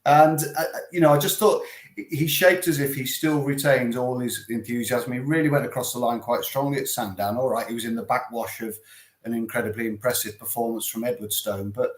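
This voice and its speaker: A man giving racing tips in a casual chat, joking with dry humour and filling his pauses with ums. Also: medium pitch, steady tone. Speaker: racing tipster. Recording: roomy echo.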